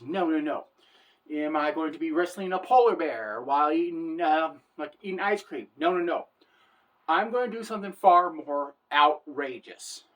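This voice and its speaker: A woman in her forties telling personal stories to camera in an earnest, heartfelt way, often saying "for the record". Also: sits low. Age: 40s. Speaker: vlogger. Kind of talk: personal storytelling monologue.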